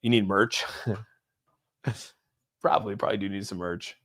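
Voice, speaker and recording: A young man hosting a casual crypto livestream. He rambles, laughs often, reads viewer comments aloud and thinks out loud while watching price charts. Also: fairly low pitch, steady tone, normal speed.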